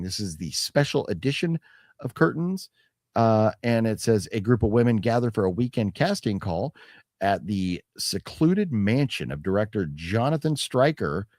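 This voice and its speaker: A man chatting casually as co-host of a movie haul stream. His pitch swings all over the place as he rambles, restarts his sentences and swears freely. The voice sounds close and dry, with no room around it. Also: sing-song, a little slow, a little mellow, no echo. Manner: rambling, swears freely, reads product blurbs aloud; restarts sentences, hedging fillers. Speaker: co-host of a physical media haul show. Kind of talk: casual chat.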